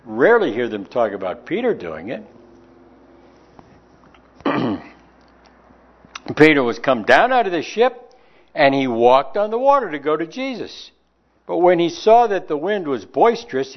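Man, preacher, sermon, folksy and conversational, drawn-out emphasis, mid-pitched voice, muffled lo-fi recording. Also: sing-song. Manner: folksy and conversational, slowing to stress key words. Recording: dull lo-fi recording.

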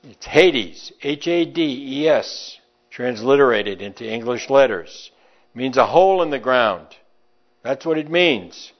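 A man's voice: mid-range voice, expressive, measured pace, highs cut off. A man with a New York accent preaching a sermon and reading scripture aloud, stretching out words for emphasis.

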